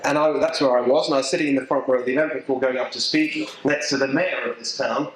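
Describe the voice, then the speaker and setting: A middle-aged man with an English accent giving an animated, emphatic talk to a local political group, joking with the audience as he goes. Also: mid-range voice, quick pace. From England. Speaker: political speaker. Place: event venue with a live audience. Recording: echoey room.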